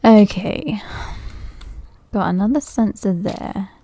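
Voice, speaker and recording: This woman, a gaming video creator, speaks at a medium pitch in a slow, mellow voice. She offers casual let's-play commentary, nervously thinking out loud, laughing often and frequently slipping into a whisper.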